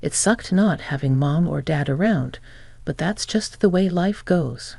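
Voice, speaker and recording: A woman in her twenties reading a scripted first-person story in a steady, even manner. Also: sits low, a little slow, vocal fry, no echo. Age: 20s. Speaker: narrator.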